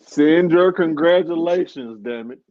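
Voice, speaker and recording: A man's voice: a little high, a little slow, no room sound. A man in his early thirties bantering boisterously in a casual watch-along chat with friends. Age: early 30s. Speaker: podcast co-host. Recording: dull dry sound.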